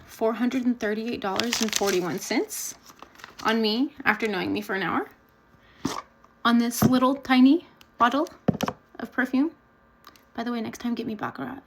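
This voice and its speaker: A woman's voice: on the high side, background noise. A woman vlogger chatting candidly and bluntly as she tells a personal story, laughing now and then. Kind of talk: casual storytelling to camera.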